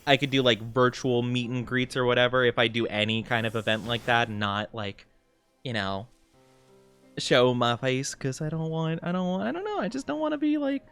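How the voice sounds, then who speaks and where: A young man streaming a game as a VTuber, chatting casually and rambling with lots of fillers and quick laughs. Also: medium pitch, a bit bright, clear, resonant tone, faint music behind. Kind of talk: casual chat while playing a game.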